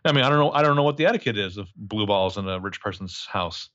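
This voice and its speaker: A man's voice: on the low side, expressive, fast, a bit bright, dull audio. A man casually recapping a movie as a podcast co-host, crude and joking, rambling with lots of fillers.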